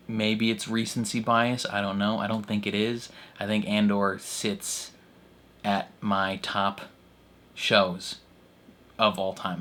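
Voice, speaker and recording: Chatty young man reacting, slightly low. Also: a bit bright. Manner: rambling, laughs often, many fillers. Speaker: reaction video host. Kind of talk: casual excited commentary.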